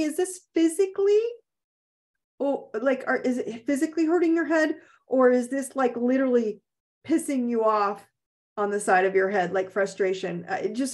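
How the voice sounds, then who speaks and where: Woman host, slightly high pitch, coaching a video-call group with blunt, emphatic, repetitive delivery. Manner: emphatic, repeats phrases, blunt and casual. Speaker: host of an online self-help group. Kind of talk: live motivational coaching talk.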